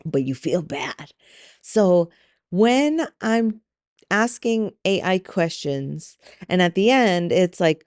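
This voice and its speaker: A woman's voice: on the low side, very animated, slow pace, a little mellow, no room sound, studio quality. A middle-aged woman hosting a solo podcast, talking candidly and with exasperation, swearing freely as she vents. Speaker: podcast host. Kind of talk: casual solo podcast monologue.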